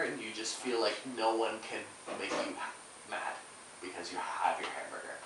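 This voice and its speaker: A drama teacher with a Canadian accent coaching students through a reading rehearsal in a lively, encouraging way, often demonstrating. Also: mid-range voice, moderate pace. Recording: very echoey room, mic far off, noisy.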